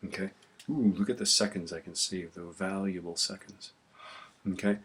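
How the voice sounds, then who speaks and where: A male teacher with a low, steady voice walks through a spreadsheet lesson at a normal pace in a screen recording, sounding a bit bright and slightly rough. He keeps it casual while typing, often checking in with "right?", and keyboard clicks fill the background.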